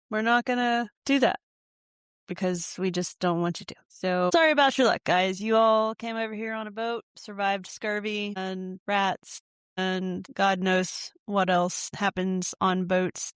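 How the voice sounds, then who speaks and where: A woman's voice: medium pitch, smooth, no room sound, clean studio sound. A woman hosting a casual solo podcast, talking in a wry, irreverent way full of joking asides. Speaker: podcast host.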